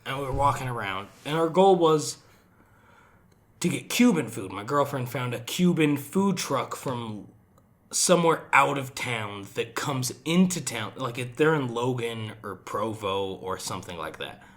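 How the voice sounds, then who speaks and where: A man's voice: medium pitch, a little slow. A young adult man co-hosting a podcast in casual chat, talking emphatically and swearing freely. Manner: profane, emphatic, animated storyteller. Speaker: podcast co-host.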